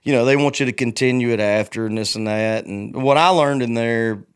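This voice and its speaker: A man's voice: mid-range voice, fairly quick, smooth. A man in his forties, a guest musician, talking frankly and with self-deprecating humor in a casual interview. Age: 40s. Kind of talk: candid casual conversation.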